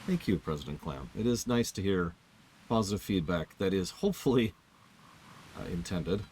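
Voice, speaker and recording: A man's voice: low-pitched, lively intonation, normal speed, darkish tone, a little hiss or hum. A man giving casual live commentary while he plays a video game, rambling, correcting himself and talking to himself as he looks for his way. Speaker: game streamer.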